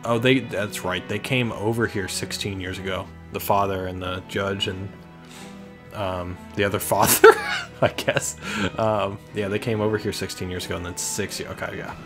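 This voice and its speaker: A man's voice: fairly low pitch, fairly even intonation, normal speed. A young man casually commenting on a video game he is playing, wry and self-deprecating. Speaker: let's player. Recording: faint game music behind.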